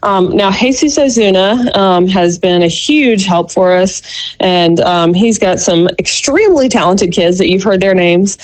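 A woman's voice: mid-range voice, unhurried, rough recording. Woman, radio chat, chatty, filler-heavy, self-deprecating. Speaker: youth league reporter on call-in.

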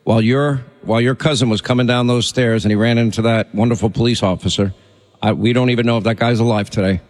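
A male talk radio host speaks with urgency and emphasis, pressing his points at a mid pitch. A long reverb tail hangs on his voice. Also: fairly even intonation, fast, a little mellow.

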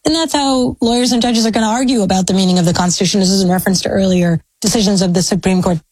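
A woman's voice: mid-range voice, rapid-fire, a little mellow, low-quality recording. An American woman historian giving long, thoughtful, academic answers in an interview. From United States. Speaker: historian, guest. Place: speaking from a law school.

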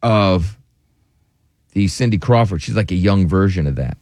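Lively chatty male radio host. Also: sits low, moderate pace, dry recording, clean studio sound. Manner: chatty, laughs often, lively storytelling. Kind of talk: casual morning show banter.

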